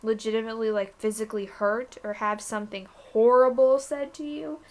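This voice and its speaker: A young woman co-hosts a podcast, chatting casually and candidly about work and swearing now and then. Her voice sits a little high with a steady tone and a darkish color, and she talks a little fast.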